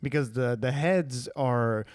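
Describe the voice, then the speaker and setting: A young male stand-up comedian guesting on a podcast, easygoing and full of fillers. His voice is mid-pitched and dry, recorded close with no room echo. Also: slow, a little mellow, clean tone. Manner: laid-back, filler-heavy. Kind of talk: casual comedic chat.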